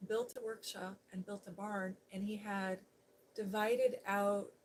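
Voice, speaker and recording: A middle-aged woman, an ASMR host, telling a personal story in a soft, chatty way. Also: medium pitch, a little hiss or hum, low-quality recording. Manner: soft-spoken, chatty with fillers. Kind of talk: softly spoken personal storytelling.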